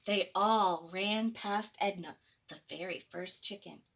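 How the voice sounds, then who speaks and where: A woman librarian reading a picture book aloud to children, expressive and chuckling. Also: mid-range voice, slow, slight background noise. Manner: expressive, chuckling between pages.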